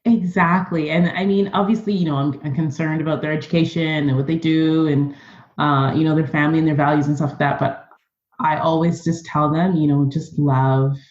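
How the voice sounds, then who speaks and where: Woman guest chatting, earnest and animated, lowish voice, muffled and kinda echoey. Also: brisk. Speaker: podcast guest. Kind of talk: casual conversational interview.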